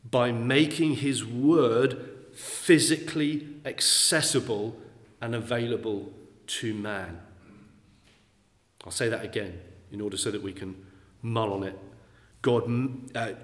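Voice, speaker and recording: A man preaching a sermon, talking slowly and deliberately and repeating key phrases for emphasis. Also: medium pitch, fairly bright tone. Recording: echoey hall with long reverb.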